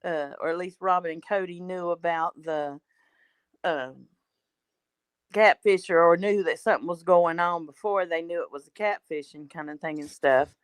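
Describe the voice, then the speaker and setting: A woman's voice: fairly low pitch, normal speed, clean tone, dry recording. A woman calling in to a talk show who chats casually and rambles, tacking on fillers like "kind of thing and stuff.". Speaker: regular caller. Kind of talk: casual chat.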